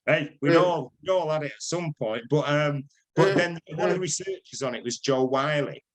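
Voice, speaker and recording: An older man from Manchester with a Manchester accent, telling stories in an interview, chatty and quick to laugh. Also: fairly high pitch, poor audio. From Manchester, England. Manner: chatty storyteller, laughs often, acts out quoted people. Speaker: broadcaster guest. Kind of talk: conversational interview anecdotes.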